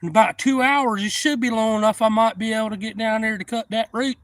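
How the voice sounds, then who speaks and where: A man's voice: high-pitched, fairly even intonation, fast talker, a bit bright, dry recording, voice pushed up. A man voicing a laid-back male hunting buddy who talks in an easygoing, teasing way.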